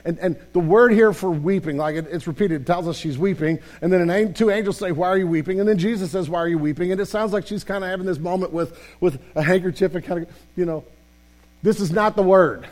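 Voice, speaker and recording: A man preaching an Easter sermon with passion, sometimes dropping his voice low and quiet. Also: a little fast. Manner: impassioned, drops to a hushed voice for tender passages. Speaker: pastor.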